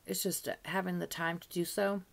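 A woman's voice: fairly low pitch, flat delivery, moderate pace, gravelly. Chatty older woman vlogging. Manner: chatty and rambling, with frequent "you know" asides and light laughs. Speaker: beauty vlogger. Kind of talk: casual chat to camera.

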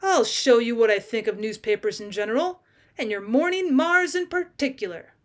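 A vain, swaggering male criminal who brags loudly about his own cleverness, read aloud by a woman. His voice sits fairly high and comes across brash and full of himself. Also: moderate pace, lightly acted. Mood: scornful.

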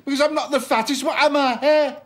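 An actor playing a gentle, lonely, very fat middle-aged man, soft-spoken and plain in a TV comedy-drama. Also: very high-pitched, fairly even intonation, quick pace. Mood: confessional. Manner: soft-spoken, plain, calls people love.

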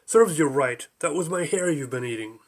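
A man's voice: fairly high pitch, lively intonation, moderate pace. A man voicing grumpy, snippy green swamp moss in an audiobook.

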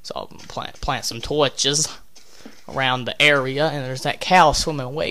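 A man's voice: fairly high pitch, moderate pace, a bit bright. A man giving casual let's-play commentary, rambling and interrupting himself, with offhand swearing as he talks to himself. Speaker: gameplay commentator.

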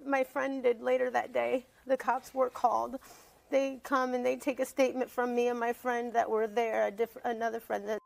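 A woman's voice: on the high side, little pitch movement, moderate pace, gravelly, poor audio. A woman appearing as a guest on a talk show, telling her story emotionally and rambling, repeating herself.

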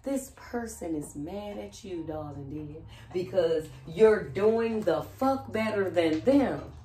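A woman's voice: lowish voice, expressive, slow, warm tone, a little hiss or hum. A woman giving a casual tarot reading, blunt and profane, who often slips into sing-song chanting. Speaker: tarot reader. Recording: roomy echo, set back from the mic.

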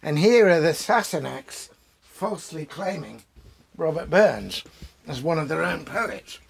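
A man's voice: fairly high pitch, expressive, gravelly. A man, a poet, chatting casually in his home study lined with books, rambling through digressions and restarts as he introduces poems. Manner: pausing for pipe and drinks while talking. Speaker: poet hosting a reading.

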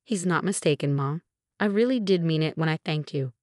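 A woman's voice: low-pitched, brisk, darkish tone, no echo, studio quality, close to an everyday voice. A woman voicing a firm, protective young husband who speaks sternly.

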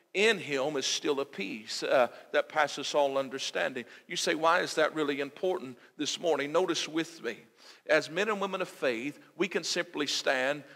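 Preaching pastor with ringing hall echo. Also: male voice, fairly high pitch, fairly bright tone. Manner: preaching with rising, emphatic repetition. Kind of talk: sermon. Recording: long hall reverb.

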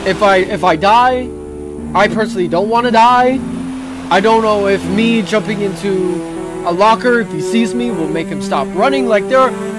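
A young man giving let's play commentary on a horror game, jittery, stammering and swearing, yelling when frightened. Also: sits high, normal speed. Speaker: gaming YouTuber. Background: game music.

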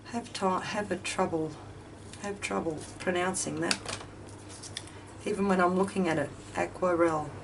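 A woman chats through her craft project, thinking aloud and poking gentle fun at herself. She talks at a slow, unhurried pace. The mic sits a little away from her, with a faint hum of a ceiling fan behind. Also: fairly low pitch, fairly even intonation, creaky, far from the mic. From Australia. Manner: chatty, self-deprecating, thinks aloud. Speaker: craft video host. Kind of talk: casual chat while crafting. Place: home craft room with ceiling fan running.

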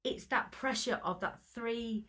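Lively woman in her 30s telling stories, bright forceful voice, keeps laughing. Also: fairly high pitch, unhurried. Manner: chatty, laughing, acts out quotes. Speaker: guest actress. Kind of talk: casual interview chat.

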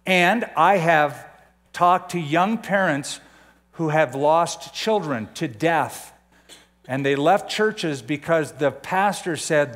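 A man's voice: a little high, animated, slow, fairly bright tone. An older man preaching a conversational sermon as a pastor, often putting questions to his listeners.

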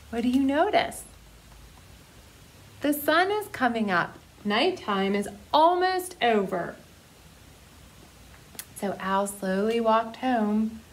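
Woman, children's librarian, toddler story time, high voice, very unhurried. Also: very animated. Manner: slow, bright sing-song, coaxing little listeners.

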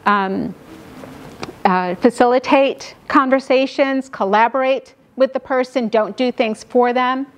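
A middle-aged woman gives a classroom lecture on caregiving. Her voice sits a little high for a woman. She talks quickly and keeps tagging her points with "right?" to pull the room along. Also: a little hiss or hum. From New York. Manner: fast-talking, frequent "right?" checks with the audience. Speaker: lecturer on dementia care.

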